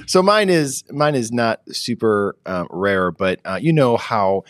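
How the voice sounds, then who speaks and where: Lively self-mocking male podcast co-host. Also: on the low side, a little slow, no room sound, studio quality. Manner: animated, self-mocking storyteller. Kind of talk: casual chat.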